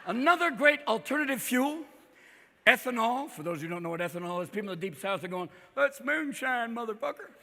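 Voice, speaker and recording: A man doing a stand-up comedy set, talking in a manic, rapid-fire way and jumping into shouted character voices in front of a live audience. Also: sits high. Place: large hall with a live audience. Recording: reverberant live hall, crowd faintly behind.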